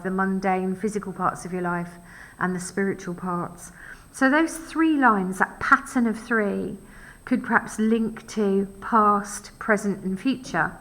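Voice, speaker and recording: A middle-aged woman teaching English literature, reading poetry aloud slowly and then explaining it in a chatty, teacherly way. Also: medium pitch, fairly bright tone, poor audio. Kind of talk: poetry reading and analysis lesson.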